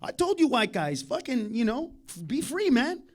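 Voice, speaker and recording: High-voiced guy doing stand-up in a club, loud and sweary, shouting then muttering. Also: very animated, normal speed. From United States. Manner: loud, profane, swings between shouting and muttering asides. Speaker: stand-up comedian. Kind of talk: stand-up comedy set. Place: comedy club stage.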